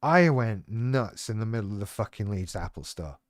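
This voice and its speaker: A man's voice: fairly low pitch, animated, moderate pace, no echo. Guy rambling on about himself, swears a lot, laughs at himself, pretty dry recording. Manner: rambling, self-deprecating storytelling with frequent swearing. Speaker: channel host talking about living with BPD. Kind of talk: casual personal monologue.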